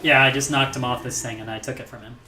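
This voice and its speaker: Very low-voiced woman streamer. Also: fairly even intonation, fast talker. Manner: upbeat, explains mechanics, eggs on chat. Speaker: game streamer host. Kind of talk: live game-stream commentary. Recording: roomy, distant mic, faint noise.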